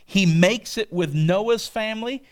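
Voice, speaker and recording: A man's voice: sits high, unhurried. Folksy preacher man. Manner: folksy storytelling with frequent "okay?" asides. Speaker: pastor. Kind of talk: sermon.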